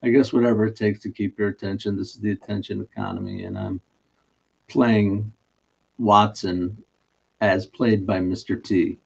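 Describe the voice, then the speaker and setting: This daily trivia guess is run by a live stream host whose voice is on the low side, a little mellow and slightly rough, with vocal fry, lively intonation, and normal speed. Casual, chatty and self-mocking, he often laughs mid-sentence, captured in dull lo-fi stream audio.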